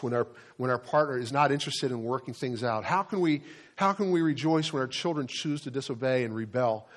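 A middle-aged man preaching a sermon as a pastor, telling stories in a relaxed, conversational way and often repeating words as he goes. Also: mid-range voice.

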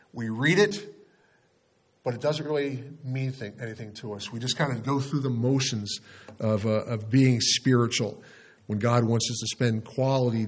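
A man's voice: mid-range voice, breathy edge. A man leading a Bible study sermon, speaking plainly and earnestly, with frequent fillers and restarts. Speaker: pastor.

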